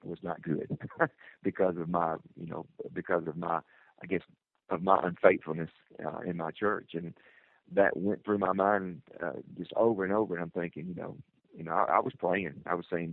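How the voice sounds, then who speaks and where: Middle-aged male firefighter, very low gravelly voice, earnest and halting. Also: fairly even intonation, dry recording. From United States. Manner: earnest, halting, many restarts. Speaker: firefighter, interview guest. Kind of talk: personal account in an interview. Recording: tinny phone-like audio.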